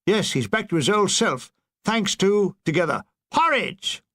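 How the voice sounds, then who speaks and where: A man's voice: sits high, lively intonation, unhurried, fairly bright tone, full character voice. A man voicing a stuffy, harrumphing older British general. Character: stuffy elderly male British general, low and gruff.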